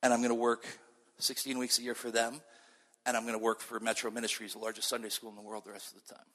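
The long reverb of a large hall carries a fast-talking Canadian man's mid-range voice. He gives an animated, sermon-style testimony, telling his story and acting out the dialogue.

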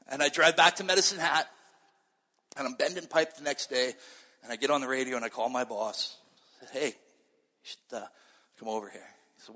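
Speaking at medium pitch with a breathy edge, a man from Canada shares his personal testimony like a sermon. The storytelling is animated, with dialogue acted out, all echoing in a large hall's long reverb.

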